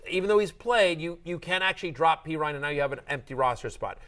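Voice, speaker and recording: Middle-aged guy hosting fantasy football chat, kinda high voice, jokey, keeps restarting sentences. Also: animated, quick pace, a bit bright. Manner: chatty, joking, lots of restarts and asides. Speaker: fantasy football show host. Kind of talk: casual sports chat.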